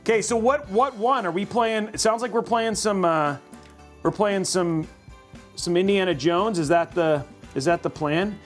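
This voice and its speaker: Male livestream host, a bit high-pitched, rambling casual commentary, faint music underneath. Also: moderate pace. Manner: chatty, thinks aloud, many restarts. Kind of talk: casual live commentary while building a PC.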